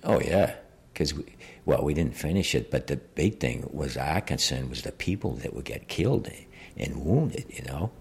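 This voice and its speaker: A man in his seventies recalling events in a plain, halting, conversational way during an interview. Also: a bass voice, lively intonation, gravelly, darkish tone, slight background noise. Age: 70s. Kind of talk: interview recollection.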